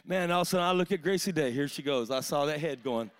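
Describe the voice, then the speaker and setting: A man's voice: on the high side, quick pace. A male pastor, preaching a sermon in an impassioned, storytelling way with lots of "man" fillers.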